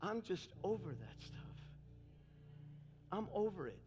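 A man preaching a sermon as pastor, talking fast and frankly, then building into impassioned, fiery calls to his congregation. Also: high voice, sing-song, background noise. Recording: long reverb with faint music.

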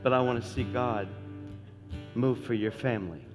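Folksy middle-aged pastor in a reverberant hall. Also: male voice, mid-range voice, moderate pace, music in the background. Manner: folksy, joking, repeats phrases for emphasis. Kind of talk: sermon.

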